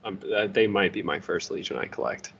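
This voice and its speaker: A man's voice: sits low, fairly quick, gravelly, a bit bright, muffled recording, a little hiss or hum. A man co-hosting a podcast, giving a loose, profane, joking book review. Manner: loose, profane, laughs at his own jokes. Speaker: podcast co-host. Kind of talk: casual book review chat.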